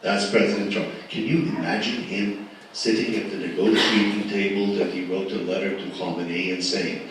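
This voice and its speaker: A man moderates a live panel, hammering his points with repetition and rhetorical questions. His voice sits on the low side. He is picked up from a distance in a very echoey hall with steady background noise. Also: normal speed. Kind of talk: emphatic panel remarks at a live event. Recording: echoey hall from far off, noisy.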